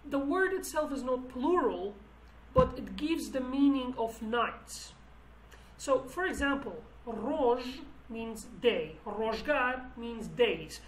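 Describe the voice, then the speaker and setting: A woman's voice: a little high, animated, slow, reverberant, far from the mic, a little hiss or hum, poor audio. A woman whose first language is Kurdish, explaining song lyrics word by word in English as a teacher, thinking aloud and restarting her phrases.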